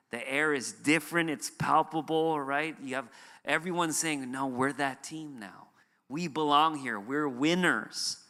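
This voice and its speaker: A man from the United States preaches as a guest pastor, telling stories in a relaxed, filler-heavy way. His voice is bright and crisp. It rings out with a long church-hall reverb. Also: fairly high pitch. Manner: conversational storytelling with fillers. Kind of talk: sermon. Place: church sanctuary.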